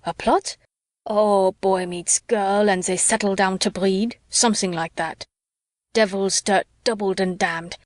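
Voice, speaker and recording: A woman's voice: medium pitch, no echo, clean studio sound, close to an everyday voice. A woman voicing a bitter, ranting drunk male soldier with a scornful, sneering delivery in an audiobook. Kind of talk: audiobook character reading.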